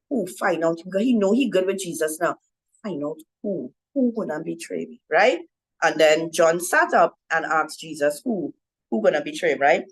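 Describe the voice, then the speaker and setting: A women's ministry speaker with a fairly low voice gives an informal Bible teaching talk to women, repeatedly asking "right?" as she goes. The recording is rough.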